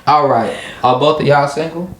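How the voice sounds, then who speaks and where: A man's voice: on the high side, normal speed, fairly bright tone, a little hiss or hum. A man talking casually as a guest on a podcast, laid-back and swearing freely. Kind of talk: casual chat.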